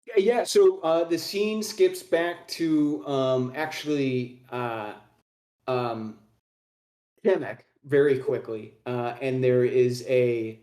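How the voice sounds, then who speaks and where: Rambling game master in an echoey room. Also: male voice, medium pitch, steady tone, slow, warm tone. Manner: rambling, many fillers and restarts. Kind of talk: narrating a tabletop game.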